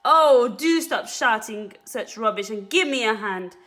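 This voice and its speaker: A woman voicing an excited, bossy male monkey father who shouts urgent orders at everyone. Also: on the high side, measured pace. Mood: frantic shouting.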